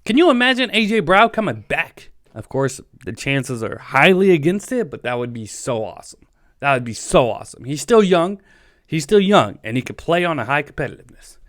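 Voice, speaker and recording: A man hosting a fan sports podcast, talking in an excitable, emotional, pleading rant. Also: on the high side, fairly quick, dry recording, studio quality. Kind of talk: solo fan podcast commentary.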